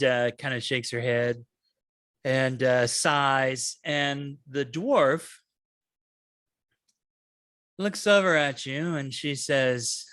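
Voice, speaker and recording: A man's voice: mid-range voice, takes it slowly, pauses often, fairly bright tone, no echo. A man narrating a tabletop game as game master, in a loose, hesitant way.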